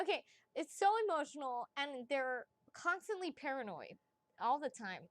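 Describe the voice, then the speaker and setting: A woman reading as a psychic in a casual livestream chat, chatty and excitable, laughing often and swearing casually. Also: high-pitched, brisk, no echo. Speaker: psychic reader.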